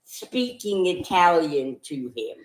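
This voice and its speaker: A woman's voice: on the low side, big pitch swings, slow, slight background noise. A middle-aged woman co-hosting a casual livestream, making dry remarks. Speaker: co-host, host's wife. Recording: echoey room.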